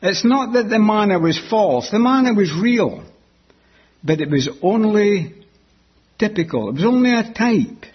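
A man preaching a sermon that explains a Bible passage, deliberate and repeating key words for emphasis. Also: high-pitched, expressive, slightly rough, muffled recording.

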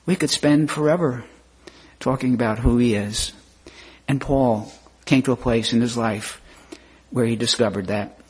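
Slow, husky-voiced man preaching. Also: mid-range voice, a little mellow. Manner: slow, measured delivery with rising emphatic questions. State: repeatedly clearing throat. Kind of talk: sermon.

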